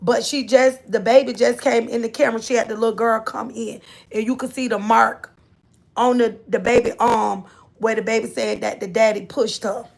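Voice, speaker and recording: A woman's voice: on the high side, steady tone, normal speed, vocal fry. A woman hosting a casual livestream, rambling through a story and chatting with her viewers as she goes. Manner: rambling, repeats herself, chats with viewers. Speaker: livestream host.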